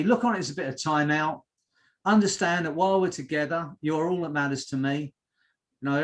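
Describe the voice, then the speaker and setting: A male hypnotherapist leading a group hypnosis session over a video call, slow and soothing, with repeated suggestions. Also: on the high side.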